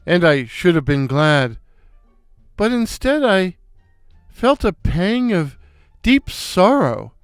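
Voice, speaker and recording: A man's voice: a little high, clear, resonant tone, dry recording, clean studio sound. An older man narrating a first-person story with wry, self-mocking asides.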